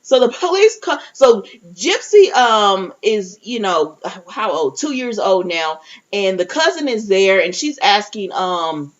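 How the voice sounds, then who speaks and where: A chatty woman recaps a TV episode for her viewers, and her pitch swings widely as she goes. She talks straight to the audience and keeps restarting her sentences. The audio is dull and lo-fi. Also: very animated, measured pace. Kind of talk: casual recap and review.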